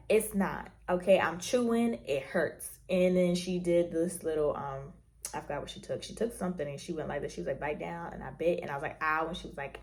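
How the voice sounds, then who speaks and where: A woman's voice: lowish voice, fairly quick. A young woman in nursing school chatting candidly to camera, acting out little quoted exchanges as she tells her story. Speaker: nursing student vlogger. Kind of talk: casual chat to camera.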